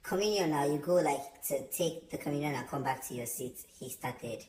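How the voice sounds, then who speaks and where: A young man telling a storytime vlog, chatty and animated, with many fillers. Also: fairly high pitch, fairly quick, hardly any pauses. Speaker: vlogger. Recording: roomy echo.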